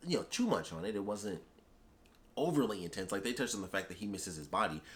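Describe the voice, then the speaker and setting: Man, lowish voice, casual film review, rambling, enthusiastic, lots of fillers. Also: lively intonation, fast. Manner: rambling and enthusiastic, heavy on "like" and "you know". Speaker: YouTube movie reviewer.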